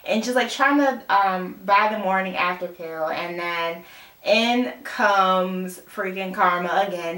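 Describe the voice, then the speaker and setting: A woman's voice: medium pitch, a little slow, bright, forceful tone. Young woman vlogger, chatty recap, lots of likes and ums, echoey room, mic far away. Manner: rambling, full of "like" and "um", mixes up names. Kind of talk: casual chat.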